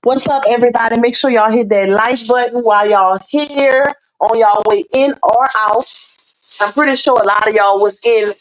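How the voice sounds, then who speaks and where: Sounding slightly unwell, a woman runs a casual livestream, laughing and calling out viewers by name in a chatty way. She speaks at a normal speed in a fairly high voice; there's no room sound, and the audio is dull lo-fi.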